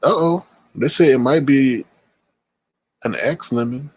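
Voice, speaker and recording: A man's voice: mid-range voice, measured pace, a little mellow, slightly rough, no room sound. Playful teasing man hosting a live chat. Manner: playful, teasing, makes bird calls. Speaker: host. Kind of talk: casual chat.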